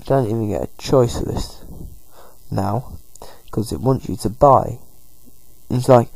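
Gravelly man rambling over gameplay. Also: on the low side, takes it slowly, mellow, no room sound, low-quality recording. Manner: rambling play-by-play, paraphrasing characters with "he's like". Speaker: gameplay commentator. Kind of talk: casual let's-play commentary.

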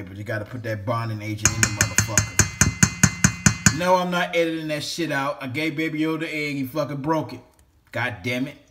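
A man's voice: medium pitch, background noise. A man in a casual cooking vlog, cursing freely and rambling while he talks to a toy. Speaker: home cook vlogger.

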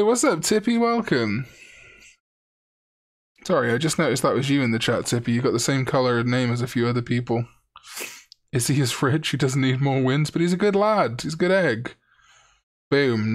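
A young man from Wales, casually chatting on a live stream, reading out chat and joking around. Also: mid-range voice. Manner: chatty, jokey, reads chat aloud.

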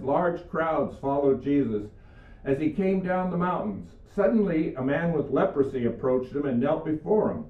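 An older man giving an earnest sermon, telling Bible stories and his own healing story. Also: medium pitch. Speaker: preacher. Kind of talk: video sermon. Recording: echoey room, far mic, phone-like sound.

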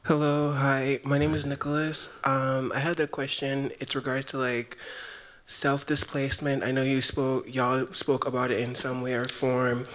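A man from the audience asks a question hesitantly and casually. His voice is flat, with little rise and fall, at a middle pitch. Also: moderate pace. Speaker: audience member asking a question.

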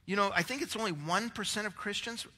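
A man's voice: high-pitched, fast, sharp tone, in a large hall. A male pastor preaching a rambling, conversational sermon, out of breath, with many restarts.

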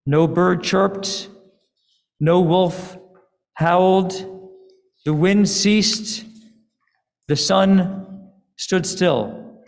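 A male rabbi narrates a sermon story slowly and deliberately. His voice is gravelly and slightly high. A long reverb from the sanctuary follows every phrase. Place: synagogue sanctuary.

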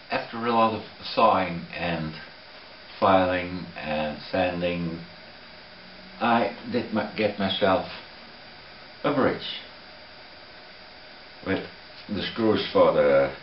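A man's voice: sits low, slow, long pauses, reverberant, lo-fi sound, a little hiss or hum. A man who builds guitars, narrating his workshop work in a casual, plain-spoken way with dry humor.

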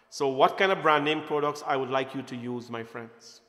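A man of medium pitch and moderate pace, with a sharp tone, gives an informal satsang talk in a temple hall. He's playful and often asks the audience questions, and the room adds a roomy echo.

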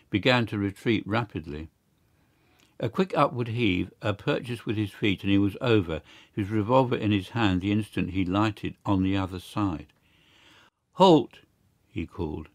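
A man reading a story aloud in a steady, even narrating delivery. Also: on the low side, no room sound, clean studio sound. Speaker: audiobook reader. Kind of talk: scripted narration.

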